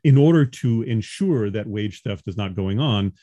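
A man's voice: lowish voice, expressive, moderate pace, dark tone, dry recording. A man in his forties from Long Island, an adjunct professor talking as a guest over a video call, earnest and explanatory, laughing easily. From Long Island, New York. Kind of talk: casual interview talk.

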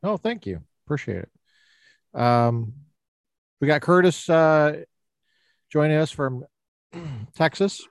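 A man's voice: on the high side, slow pace, pauses often, no echo, studio quality. A man hosting a podcast over a video call, jokey and teasing in his casual chat. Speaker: podcast host.

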